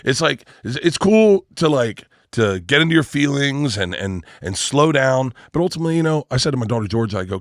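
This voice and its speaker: Animated storytelling man, dry room. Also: mid-range voice, fairly quick, few pauses, no room sound. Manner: animated storyteller, acts out voices. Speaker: guest comedian. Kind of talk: casual podcast chat, storytelling.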